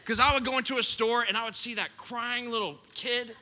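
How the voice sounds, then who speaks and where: A middle-aged man, a pastor, preaching a sermon with animated storytelling and playful, self-mocking asides, in a large church hall. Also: very high-pitched, fairly quick. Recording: long hall reverb.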